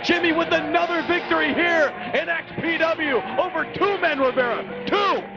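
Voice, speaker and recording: High-pitched excitable wrestling commentator man. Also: moderate pace, over loud music. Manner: animated, teasing his co-host. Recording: dull lo-fi TV broadcast audio with noise.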